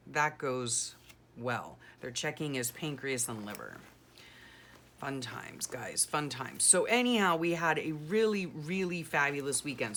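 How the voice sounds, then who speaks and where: A woman's voice: deep voice, a bit bright, a little hiss or hum. A middle-aged woman chatting casually and rambling through a story, full of "you know" and "like", as a journaling vlogger.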